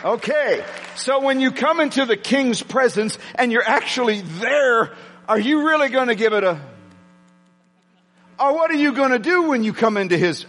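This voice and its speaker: Excitable high-voiced preacher man. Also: moderate pace, some chatter behind. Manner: excitable, prone to yelling. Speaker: pastor. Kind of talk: sermon. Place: church sanctuary with congregation. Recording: long hall reverb.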